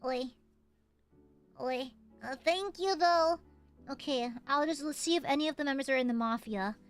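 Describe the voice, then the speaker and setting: A young woman streamer chats with her live viewers in a high, brisk voice while faint music plays behind her. She's playful and chatty, often bursting into giggles and squeals.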